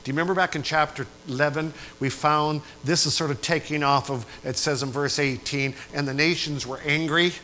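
A man preaching a sermon in a church, swinging between quiet asides and loud rising climaxes, and putting repeated questions to the congregation. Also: on the high side, steady tone, brisk, few pauses, slight background noise, rough recording.

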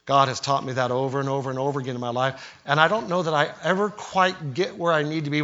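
Older storytelling preacher, bright voice. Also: male voice, on the high side, highs cut off. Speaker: pastor. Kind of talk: sermon.

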